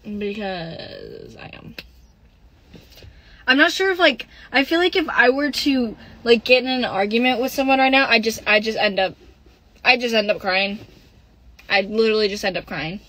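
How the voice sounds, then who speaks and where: A woman's voice: a little high, fairly bright tone, low-quality recording. Young woman on a phone live, kinda teary and upset, says like and literally a lot, stops and starts. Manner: frequent "like" and "literally", halting and upset. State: emotional, close to tears. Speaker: livestream host. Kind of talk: casual livestream chat, reading comments.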